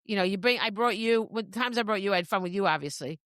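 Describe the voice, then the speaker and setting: A woman's voice: mid-range voice, fast, a bit bright, no echo, clean studio sound. A woman co-hosting a podcast, chatting casually and often restarting her sentences. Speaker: podcast co-host. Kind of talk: casual chat.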